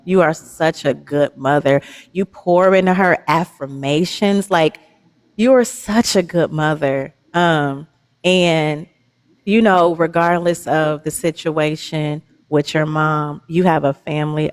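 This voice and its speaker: A woman hosting a casual, heartfelt chat, affirming her guest and laughing often, with speech. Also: deep voice. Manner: warm, affirming, laughs often, Southern Black American vernacular. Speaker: host.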